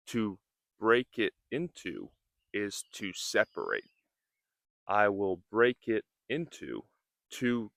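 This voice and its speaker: A man gives an English lesson at a crawling, careful pace, repeating each word and pausing to define it. His voice sits a little low. The sound is dry and close, with no room echo. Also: a bit bright. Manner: repeats words and defines them, very slow and careful. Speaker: English teacher. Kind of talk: slow, deliberate English lesson.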